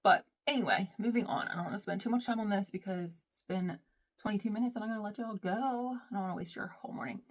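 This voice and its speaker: A woman's voice: mid-range voice, fast talker. A young woman talks through her makeup routine at home in a loose, rambling vlog chat. She wanders from topic to topic and keeps saying "y'all", with a friendly, unscripted flow. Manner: chatty, rambling, says "y'all" often. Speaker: beauty vlogger. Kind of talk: casual chat while doing makeup.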